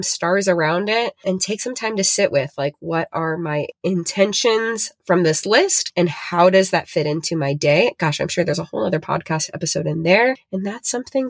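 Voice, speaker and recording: A woman's voice: lowish voice, no echo. A woman hosting a podcast, talking earnestly and emotionally with lots of fillers as she motivates listeners. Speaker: podcast host and retreat facilitator.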